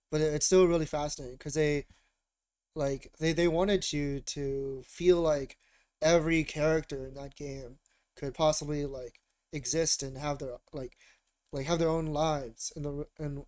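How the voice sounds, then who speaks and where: Man rambling through a game read-aloud. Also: fairly high pitch. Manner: rambling, hesitant asides with many restarts. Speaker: streamer. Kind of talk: reading a visual novel aloud. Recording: steady background noise.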